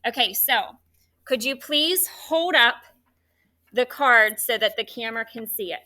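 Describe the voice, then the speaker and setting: Bright-voiced woman teaching phonics. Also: on the high side, a little slow. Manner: animated, coaxing call-and-response questions. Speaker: third grade teacher. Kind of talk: classroom phonics lesson. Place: classroom.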